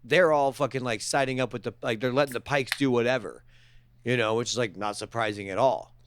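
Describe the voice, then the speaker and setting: A man co-hosting a casual podcast, joking and swearing, who keeps slipping into quick character voices. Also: mid-range voice, clean tone. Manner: jokey, profane, puts on quick character voices. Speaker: podcast co-host.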